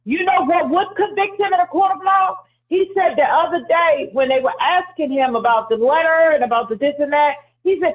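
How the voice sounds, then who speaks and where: A man's voice: very high-pitched, normal speed, few pauses. A man hosting a call-in show, insistently repeating his point and talking over a caller in a heated debate. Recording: phone-line audio.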